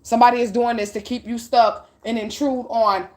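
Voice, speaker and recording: Woman doing a spiritual reading, kinda high voice, blunt and preachy, cussing a lot. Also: level tone, moderate pace, a little mellow. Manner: blunt, preachy, profane, emphatic. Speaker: spiritual reader.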